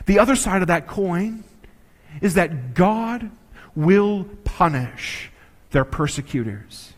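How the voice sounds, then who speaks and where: A man preaching a sermon, earnest and measured, slowing down to stress key phrases. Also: high voice, expressive, breathy edge. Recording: long reverb of a large hall.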